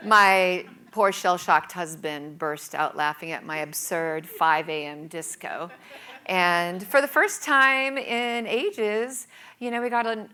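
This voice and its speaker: A woman's voice: fairly low pitch, pushed and bright. A woman giving a scripted storytelling talk, in a dramatic, playful delivery with whispered asides. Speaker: speaker.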